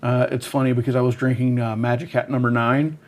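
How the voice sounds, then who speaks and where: A man in a casual chat, slowly telling a story about gaming. He hesitates often, filling gaps with ums and starting his sentences over. His voice sits at an ordinary middle pitch. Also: level tone, darkish tone, slight background noise.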